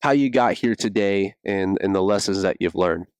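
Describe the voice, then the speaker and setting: A young man hosting a casual church podcast as youth pastor, telling stories with lively quoted voices. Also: normal speed, clean tone, no echo, clean studio sound. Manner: animated storyteller, acts out quotes in high voices. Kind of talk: casual interview chat.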